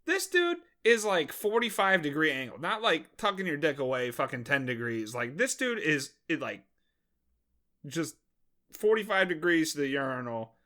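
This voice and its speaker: A young man from Maryland, a podcast host, telling animated, profane stories in casual chat and laughing often. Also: on the high side, moderate pace. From Maryland, USA.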